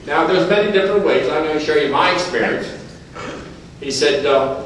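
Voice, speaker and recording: A man with an American accent speaking at a recovery meeting, telling folksy stories, quoting his sponsor and talking fast to keep from stuttering. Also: fairly high pitch. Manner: talks fast to avoid stuttering. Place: meeting room. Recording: distant mic in echoey meeting hall.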